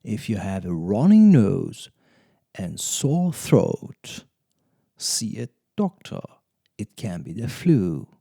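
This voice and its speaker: Slow, dark-voiced man reading English drills. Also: fairly low pitch, wildly swooping pitch, gravelly, dry recording, clean studio sound. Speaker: English teacher. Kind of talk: slow scripted reading of example sentences.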